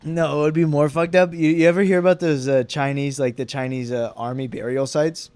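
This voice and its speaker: A man's voice: fairly high pitch, flat delivery, fairly quick, darkish tone, clean tone, no echo. A young man co-hosting a casual comedy podcast, rambling with lots of fillers and restarts and laughing often. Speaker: podcast co-host.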